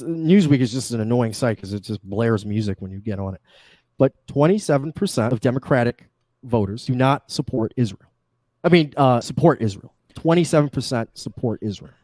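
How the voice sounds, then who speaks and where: A man's voice: medium pitch, darkish tone, dry recording. A man calling into an online debate, stumbling and repeating himself, dropping crude insults. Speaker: caller, debate guest.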